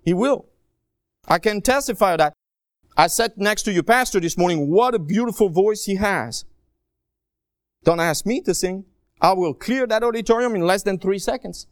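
A man preaching a sermon as a guest preacher, stretching key phrases out slowly and swinging from soft asides to raised, pleading lines. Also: sits high, no echo, clean studio sound. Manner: slow, drawn-out emphasis on key phrases.

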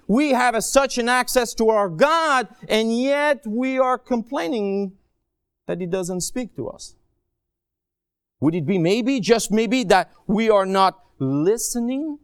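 High-voiced man preaching a sermon. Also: smooth, no echo, studio quality. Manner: dramatic, swings between soft asides and raised pleading; slow, drawn-out emphasis on key phrases. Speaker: guest preacher.

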